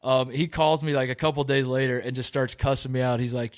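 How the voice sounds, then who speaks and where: A man's voice: medium pitch, steady tone, a little fast, hardly any pauses. A man as a podcast guest, telling a story in casual chat, rambling with lots of "like"s and restarts.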